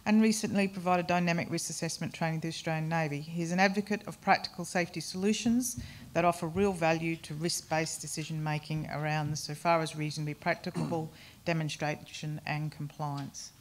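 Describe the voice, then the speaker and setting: Brisk woman introducing a speaker. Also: low-pitched, fairly even intonation. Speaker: seminar host.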